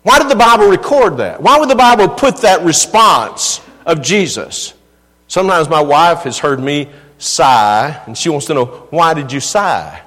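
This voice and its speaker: High-voiced pastor preaching in a hall. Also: male voice, very animated, normal speed, a bit bright. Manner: earnest preaching with rising emphatic questions. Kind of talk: sermon. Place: church sanctuary.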